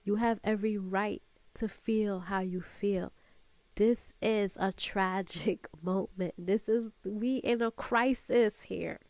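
Brief: woman host, heartfelt talk, slow unhurried delivery, dry close sound. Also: mid-range voice, fairly even intonation, darkish tone, dry recording, low-quality recording. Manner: earnest, preachy, building to emphatic peaks. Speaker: podcast host. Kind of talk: casual heartfelt monologue.

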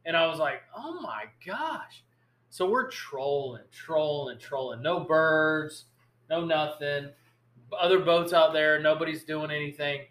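A man tells a story in a casual podcast chat, animated and rambling. His voice sits a bit high and sounds bright and forceful. The room around him is echoey. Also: a little slow. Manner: animated, rambling storyteller who acts out quotes. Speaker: podcast host.

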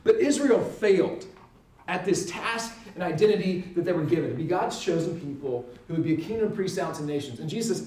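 A man's voice: high voice, animated, fairly quick, dark tone. Guy teaching, earnest and emphatic, keeps saying right?, echoey room, mic kinda far. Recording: roomy sound, mic at a distance.

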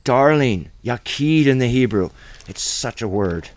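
Man, bible study teacher, conversational sermon, dry close sound, average pitch. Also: lively intonation, unhurried, no room sound. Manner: conversational, plain-spoken, reads scripture aloud.

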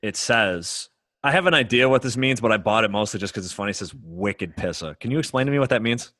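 A man's voice: mid-range voice, fast, sharp tone, no room sound. A man from upstate New York, a podcast host joking in casual chat and laughing often.

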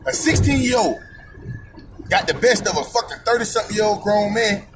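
A man's voice: high voice, a little fast, noisy background. A man ranting in a heated, profane monologue, hammering points with repetition and rhetorical questions. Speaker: podcast host. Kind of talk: personal opinion monologue.

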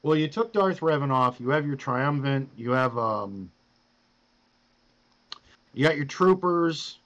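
A man's voice: mid-range voice, lively intonation, a little slow, fairly bright tone, highs cut off. A man hosting a podcast, casually coaching a guest through his game with loose, profane instructions. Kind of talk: casual chat.

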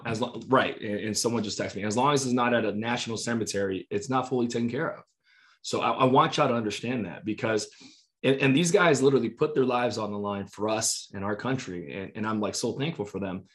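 This insurance trainer, lowish-voiced and brisk, leads a casual online session for a live audience. He chats conversationally, performs client calls, and often tosses in "right?" and "you know".

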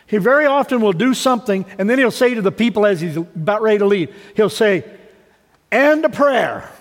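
Male pastor, high voice, folksy storytelling sermon, church hall reverb. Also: quick pace. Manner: conversational preaching with folksy stories. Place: church sanctuary. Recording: long reverb of a large hall.

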